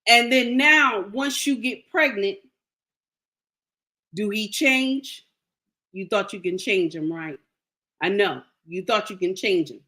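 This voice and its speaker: Speaking straight to the camera, a woman delivers blunt, emphatic relationship advice, scolding and repeating her points to drive them home. Her mid-range voice is bright and forceful, and she takes her time.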